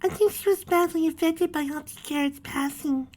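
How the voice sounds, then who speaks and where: A woman voicing a sweet little filly pony who comforts her brother, in a very high childlike voice. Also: moderate pace. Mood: comforting. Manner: gentle and comforting.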